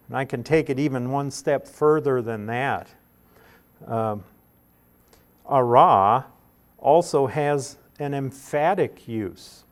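Man, Bible teaching, steady mid-pitched voice, explanatory, deliberate emphasis. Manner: explanatory, careful, slows to stress key words.

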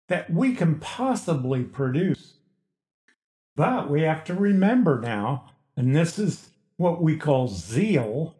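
A man preaching a Bible-teaching sermon, slow and deliberate, stressing key words emphatically. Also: fairly high pitch, mellow, reverberant. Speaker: pastor. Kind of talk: expository sermon.

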